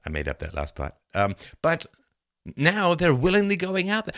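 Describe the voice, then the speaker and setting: A man's voice: fairly high pitch, huge pitch swings, normal speed, fairly bright tone. A man hosting a podcast, giving a sarcastic history monologue and reading old quotes in a dramatic way. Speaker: podcast host.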